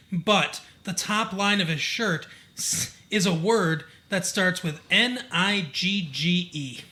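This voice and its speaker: Podcast guy from michigan, kinda high bright voice, rambly, lots of uh and you know. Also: slow pace, hardly any pauses. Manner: rambling, many fillers, recounts scenes in character. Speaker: podcast co-host. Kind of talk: casual chat about a TV show.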